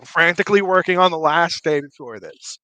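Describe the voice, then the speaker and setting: Lively bright-voiced male game master. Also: fairly high pitch, a little fast, dry recording. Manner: playful, chatty, full of fillers like 'like'. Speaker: dungeon master. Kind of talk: narrating a tabletop game.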